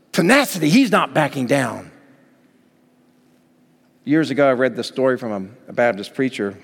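A pastor preaching a sermon, acting out scripture dialogue with big swings between loud and quiet. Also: male voice, big-room sound. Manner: animated, acts out Bible dialogue with big swings in pitch and volume.

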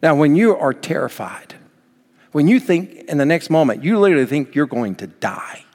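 A man preaching a sermon as pastor, swinging from soft, low passages up to near shouts. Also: sing-song, moderate pace. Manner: dynamic preaching, rising to near shouts then dropping soft. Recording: long hall reverb.

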